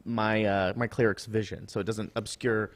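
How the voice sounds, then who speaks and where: A man's voice: on the low side, flat delivery. Hesitant man playing a tabletop game. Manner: hesitant, halting, many fillers. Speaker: player.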